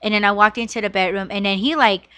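A woman's voice: mid-range voice, fairly even intonation, fast, bright, forceful tone, smooth, dry recording. A woman in her thirties hosting a podcast and telling a personal story in a rambling, emotional way, swearing often and filling her talk with "like" and "you know". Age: 30s. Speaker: podcast host. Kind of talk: casual storytelling monologue.

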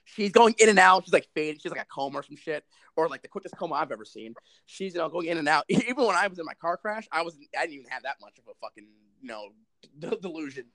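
A man recapping a movie in casual chat, animated and sarcastic, with lots of swearing. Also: fairly high pitch, fast talker, creaky, dry recording, low-quality recording. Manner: animated, profane storytelling with sarcastic asides. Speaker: movie reviewer.

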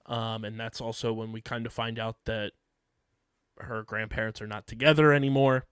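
A man's voice: on the low side, level tone, moderate pace, a bit bright, clean tone, dry recording, studio quality. Laughing man recapping a show. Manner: laughs often, recaps plot with filler ums. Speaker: podcast co-host. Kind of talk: casual show recap chat.

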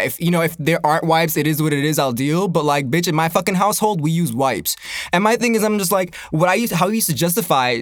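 A young man with a fairly high voice rants in a casual, comedic way, profane and animated, laughing often and jumping up in pitch when he gets worked up. Clean studio sound, no room noise.

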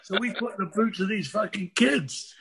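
A man's voice: high voice, moderate pace, creaky, a crowd in the background. An older man, telling a rambling, profane story as a guest on a casual chat. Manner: rambling, restarts, swears freely.

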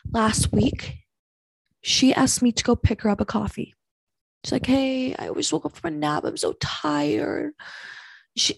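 A woman's voice: mid-range voice, creaky, breathy edge, no echo. A young woman hosting a podcast from home, rambling through stories in an exasperated, heavily profane way. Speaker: podcast host. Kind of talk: casual solo podcast rant. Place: small house at home.

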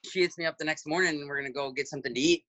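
An American man in his thirties, a serving soldier and the guest, tells a drinking story in a laid-back, meandering way. His voice is bright and forward, and it is recorded dry and close. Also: fairly high pitch, fairly even intonation, very fast, dry recording. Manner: laid-back, loose, drifting phrasing. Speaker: guest, US Army infantry staff sergeant. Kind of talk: casual storytelling.

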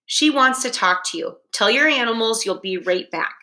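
A woman's voice: fairly high pitch, animated, normal speed, sharp tone. A woman voicing a teasing older sister in a read-aloud storybook, with a mocking tone. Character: teasing older sister, a young teen girl.

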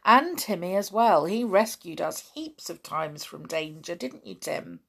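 A woman's voice: fairly low pitch, lively intonation, unhurried, vocal fry, exaggerated voice. Woman doing a stubborn tomboy girl. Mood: determined. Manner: firm, determined.

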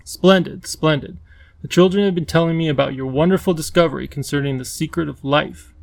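A lisping, excitable creature king from a storybook, pitched a little high with a gravelly edge, as a male narrator puts him on. He gushes and pleads, always eager for company. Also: fairly quick.

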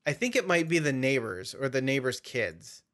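A man's voice: mid-range voice, sing-song, normal speed, fairly bright tone. A young man hosting a casual chat, telling a long, rambling story and often correcting himself. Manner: rambling, self-correcting anecdote teller. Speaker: podcast host.

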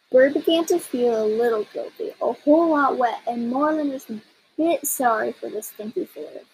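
A woman reading a children's picture book aloud with expressive storytelling, soft and slow in places. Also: sits high, slight background noise, rough recording. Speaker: story reader.

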